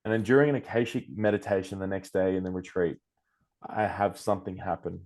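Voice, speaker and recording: An Australian man, a coaching guest, telling personal stories in casual, animated talk, swearing freely and acting out what others said. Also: low-pitched, brisk. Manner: animated, swears freely, acts out quoted speech. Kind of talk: casual storytelling.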